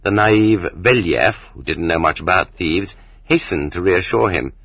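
A man narrating an audiobook in a steady, measured reading voice, recorded on dull cassette tape. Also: deep voice, husky, dry recording. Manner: steady, measured reading that rises sharply for quoted shouts. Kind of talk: scripted narration.

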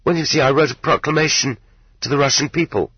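A man's voice: on the high side, quick pace, breathy edge, dry recording, dull audio, voice pushed up. A man reading an audiobook, voicing a shy, meek newly arrested male prisoner who answers in timid, hesitant replies.

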